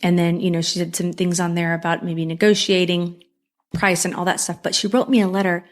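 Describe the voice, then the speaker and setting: A woman's voice: fairly low pitch, flat delivery, a little fast. A woman hosting a solo mindset podcast, talking earnestly and from the heart, repeating phrases for emphasis. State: moved, near tears. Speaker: podcast host.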